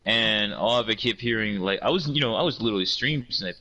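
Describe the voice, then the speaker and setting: A man in casual podcast chat, telling a story with lively energy. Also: a little fast. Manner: animated storyteller, mimics opponents in high squeals.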